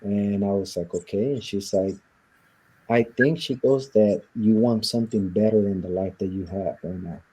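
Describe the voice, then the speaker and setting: A man with a low, very dark and mellow voice tells his own story in an interview. He talks casually, acting out old conversations and leaning on "you know" and "like". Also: normal speed, breathy edge. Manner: casual, storytelling with many quoted exchanges and fillers. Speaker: interview guest.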